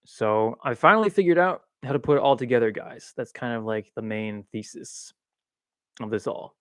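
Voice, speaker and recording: A man's voice: mid-range voice, fairly quick, no room sound, clean studio sound. A man hosting a livestream in casual spiritual chat, rambling and self-mocking with frequent laughs, seated in a swivel chair at home. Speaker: livestream host. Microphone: boom-arm mic.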